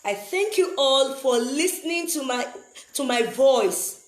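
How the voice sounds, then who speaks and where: Slow, earnest woman in an echoey room. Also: high voice, animated. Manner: slow, earnest, repeats phrases for emphasis. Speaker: vlogger addressing fans. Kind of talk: emotional direct-to-camera address.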